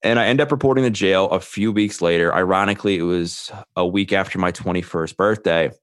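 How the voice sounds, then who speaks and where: A man's voice: low-pitched, a little fast, smooth, no echo, clean studio sound. A man in his thirties, a podcast guest, telling his own story earnestly and quoting the people in it. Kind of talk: candid storytelling.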